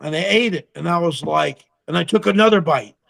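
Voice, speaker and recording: This pickle company co-founder, interviewed as a guest, has a gravelly voice that sits on the high side and moves fairly quickly. Spinning casual tales of launching his business, he acts out the dialogue with animation and a bit of salty language.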